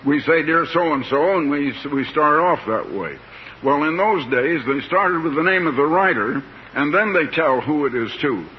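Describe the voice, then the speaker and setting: An older man preaching a sermon in a slow, plain-spoken, folksy way, stretching out words for emphasis. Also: fairly high pitch, lively intonation. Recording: dull lo-fi tape with faint hiss.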